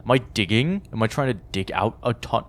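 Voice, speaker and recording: A man's voice: mid-range voice, animated, brisk, slight background noise. A man giving casual, jokey commentary while playing a game and thinking aloud. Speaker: gameplay streamer. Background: game music.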